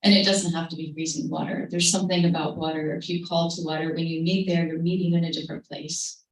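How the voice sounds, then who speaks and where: A woman with a lowish, fairly level voice tells a gentle, reflective story to a live audience at a creative talk. Her voice carries the echo of a roomy hall and sounds a little distant from the microphone, as a livestream of the event would capture it. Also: level tone, fast talker.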